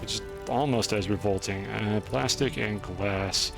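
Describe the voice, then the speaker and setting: Man, game streamer, low-ish voice, rambling self-deprecating commentary, soft music behind. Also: a little slow, gravelly. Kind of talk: gameplay commentary.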